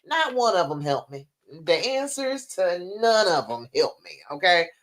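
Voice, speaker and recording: A woman relationship coach hosting a live-stream advice chat, talking to viewers in an emphatic, animated way. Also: lowish voice, measured pace.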